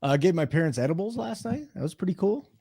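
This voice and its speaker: A man hosting a sports betting show, teasing his co-hosts in a dry, deadpan way. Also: high voice, fast talker, slightly rough. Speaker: show host. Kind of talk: casual chat.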